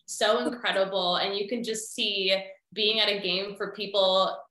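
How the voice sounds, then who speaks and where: A woman's voice: medium pitch, steady tone, moderate pace, sharp tone, roomy sound, low-quality recording. A woman speaking on a conference panel over a video call, chatty and upbeat with plenty of fillers. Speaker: baseball broadcaster and food blogger. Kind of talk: panel discussion.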